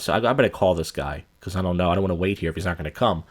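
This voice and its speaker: Low-voiced guy ranting on his podcast, swearing a lot, gets loud and animated. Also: very fast. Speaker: podcast host. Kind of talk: casual ranting monologue.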